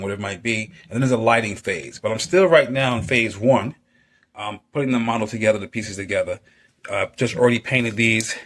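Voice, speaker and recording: A man's voice: fairly low pitch, a bit bright. A man, an artist and model builder, chatting casually at home as he works, with lots of fillers and playful little sound effects.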